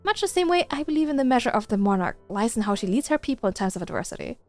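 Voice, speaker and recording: A woman's voice: on the high side, very animated, racing, soft background music. A woman voicing an earnest, dutiful young queen while reading game dialogue aloud. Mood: earnest, solemn.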